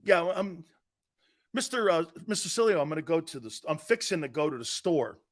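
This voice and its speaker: A man imitating his Texan wife, speaking in a slow, hesitant drawl. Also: fairly high pitch, very animated.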